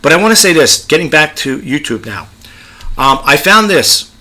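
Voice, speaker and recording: A middle-aged New Yorker who makes YouTube videos gives casual, rambling advice in a monologue, often repeating himself. His voice is on the high side, sing-song, pushed and bright, at a moderate pace.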